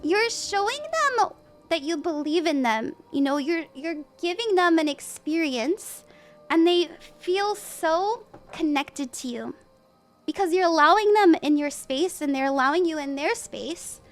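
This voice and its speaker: Bubbly, high-pitched female tarot streamer, encouraging tone, soft music underneath. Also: lively intonation, measured pace. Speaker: tarot reader and livestream host. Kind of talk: casual live-stream tarot reading.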